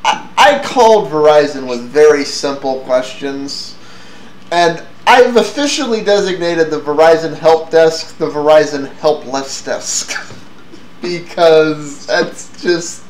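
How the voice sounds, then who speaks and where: A podcast host leads a casual tech chat in a fairly high, animated, slow-paced male voice, stumbling over restarts and laughing often. The room is echoey, with faint background noise.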